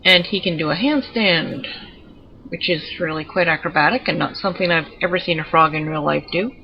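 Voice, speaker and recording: A woman's voice: fairly low pitch, fairly quick, lo-fi sound, a little hiss or hum. A woman giving chatty, digressive commentary while showing off her pets in a video game. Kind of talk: casual gameplay commentary.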